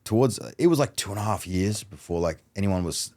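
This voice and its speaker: Man, very low voice, podcast guest, casual storytelling, acts out conversations. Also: a little fast. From Australia. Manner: animated storyteller who acts out dialogue. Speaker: guest mentalist.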